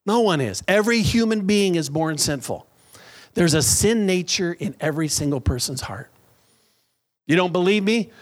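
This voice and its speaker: A middle-aged man preaching a lively sermon in a church, drawing call-and-response from the congregation. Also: high voice, normal speed. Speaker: pastor.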